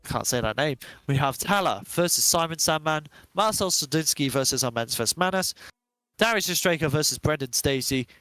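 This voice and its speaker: A man doing live esports commentary, chatty and jokey, quick to laugh as he calls the action. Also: a little high, lively intonation, bright, forceful tone, no room sound.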